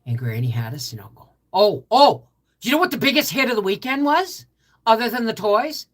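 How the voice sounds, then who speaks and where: An older woman with a low, husky voice chats on a live stream from her home office. She rambles through a family story and restarts her sentences often. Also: lively intonation, measured pace, a bit bright. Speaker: homestead channel host. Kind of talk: casual live-stream chat.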